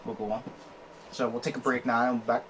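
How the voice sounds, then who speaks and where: A man's voice: medium pitch, flat delivery, quick pace, background noise. A man hosting a casual podcast, rambling through stories and swearing often. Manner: rambling, swears a lot, acts out quotes. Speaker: podcast host.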